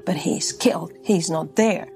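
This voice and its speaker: Woman interviewer, halting phrasing, gravelly voice, faint music behind. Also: lowish voice, warm tone. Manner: earnest, halting non-native phrasing. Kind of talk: interview questions.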